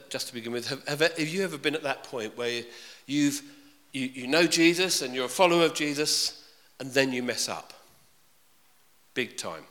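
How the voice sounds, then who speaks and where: In a reverberant hall, a man with a mid-range, fairly bright voice delivers a conversational sermon. He keeps turning to the congregation with questions.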